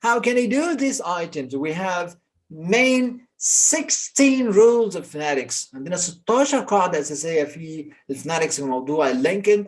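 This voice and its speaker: Egyptian accented teacher doing a lesson, says everything twice in english then arabic, voice jumps up and down a lot. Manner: explains each point twice, in English then Arabic, with big pitch swings. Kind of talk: recorded lesson, switching between English and Arabic.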